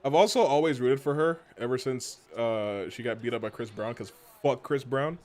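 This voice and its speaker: A man's voice: mid-range voice, moderate pace. A man casually chatting and joking while playing a football video game on stream. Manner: rambling, jokey, swings to excited yelps at plays. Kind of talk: casual gameplay commentary.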